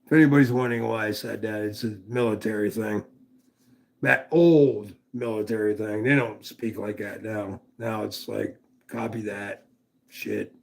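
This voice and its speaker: Gravelly casual knife-review streamer man. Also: lowish voice, steady tone, moderate pace. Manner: rambling, profane, chatty with viewers. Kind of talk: casual livestream chat.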